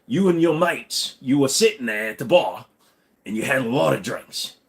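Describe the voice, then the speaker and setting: A man's voice: mid-range voice, expressive, moderate pace, natural voice. An American man doing a put-on Cockney accent as a shady, chummy pub-goer.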